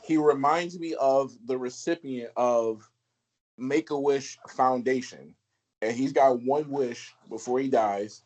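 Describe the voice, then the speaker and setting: A man's voice: medium pitch, takes it slowly, a little mellow, poor audio. A man co-hosting a podcast, joking and laughing in casual wrestling chat. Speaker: podcast co-host.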